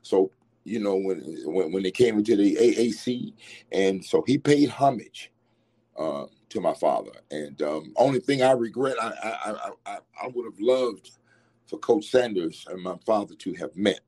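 A middle-aged man with a low, mellow and slightly husky voice. He reminisces about his late father in an interview, halting and restarting his sentences as he speaks fondly. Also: animated. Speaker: interviewee, son of the former coach. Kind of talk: reflective interview recollection.

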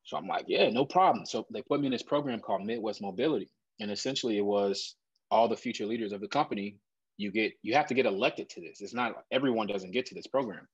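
Husky low-voiced man telling his story. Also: fast talker, no room sound, muffled recording. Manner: earnest, animated storytelling. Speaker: guest. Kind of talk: personal storytelling in conversation.

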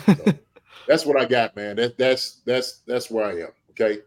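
A former pro football player and special teams coach delivers passionate podcast commentary from home, lecturing with fervor and repeatedly asking "okay?". His voice is mid-range at a normal speed, and the recording quality is low.

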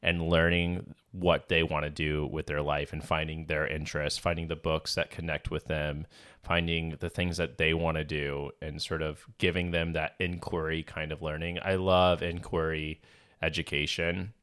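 Casting: young male teacher, podcast co-host, very low voice, deadpan humor. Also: moderate pace, smooth. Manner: dry joking, earnest when explaining. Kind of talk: casual chat.

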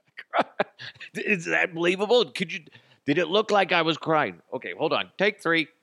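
A man's voice: fairly high pitch, lively intonation, moderate pace, vocal fry, pushed and bright, no echo, studio quality, pitched above the performer's own voice, full character voice. A man mocking a flustered, theatrical executive. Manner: theatrical, fumbling, mock-tearful. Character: flustered male executive rehearsing a firing speech.

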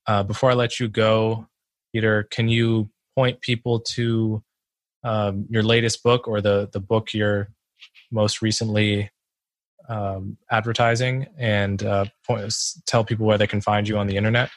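A young man hosting an interview, his voice fairly low and quite flat in pitch. He speaks casually and amiably, with a few ums. The recording is close and dry. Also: unhurried, dry recording. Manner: casual, friendly with fillers. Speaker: podcast host.

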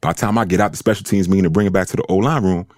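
A man's voice: low-pitched, rapid-fire, dry recording, clean studio sound. A man from New York, a former football lineman, telling stories in casual chat and laughing often. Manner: animated storyteller, laughs often.

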